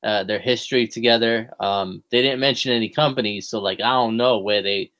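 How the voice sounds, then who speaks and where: Rambling through a casual wrestling podcast chat full of fillers and restarts, this male co-host speaks briskly in a lowish, slightly bright voice.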